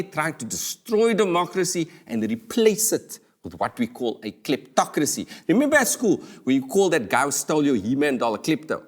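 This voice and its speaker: A man hosting a comedy talk show, delivering a playful scripted monologue with sudden high exclamations. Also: sing-song, normal speed, few pauses.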